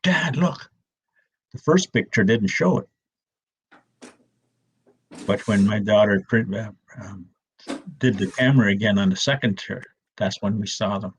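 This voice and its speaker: An older man, an elder telling stories in a gentle, slow way, often restarting his words, with a husky voice. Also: on the low side. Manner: soft, slow and repetitive, with many restarts. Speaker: elder storyteller. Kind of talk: gentle storytelling talk.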